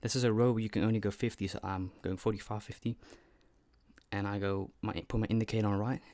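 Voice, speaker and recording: Low-voiced eighteen-year-old guy vlogging. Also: little pitch movement, fast, darkish tone, dry recording. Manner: loose, profane, chatty retelling. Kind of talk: casual storytelling vlog.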